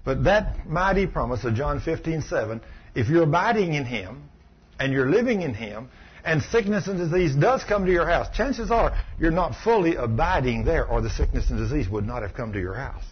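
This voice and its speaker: A man's voice: fairly high pitch, expressive, normal speed. A man preaching, a folksy and emphatic healing school teacher who retells conversations as he goes. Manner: folksy, emphatic, recounting dialogue. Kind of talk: sermon with storytelling. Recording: muffled recording with faint background hiss.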